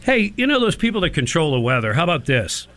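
A man's voice: on the high side, fast, dry recording. A man hosting a morning talk radio show, telling stories and cracking jokes in casual banter. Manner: jokey, wisecracking, animated storyteller.

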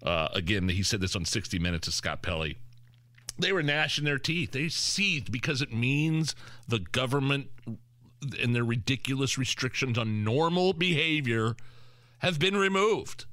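A man's voice: mid-range voice, animated, normal speed, sharp tone, no room sound. A man hosting political talk radio, combative and sarcastic, with frequent restarts. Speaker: radio talk show host.

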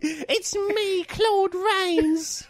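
A man putting on a shrill, exaggerated Cockney voice as a rowdy, silly young man, squeaky and shouting. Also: very slow, dry recording, heavily acted. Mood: manic, mocking. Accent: mock Cockney. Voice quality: squeaky falsetto, shouting and cackling.

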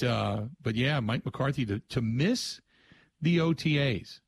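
A man's voice: medium pitch, creaky, slightly rough. A man hosting a sports radio show, telling rambling stories in a loose, conversational way and inviting listener calls.

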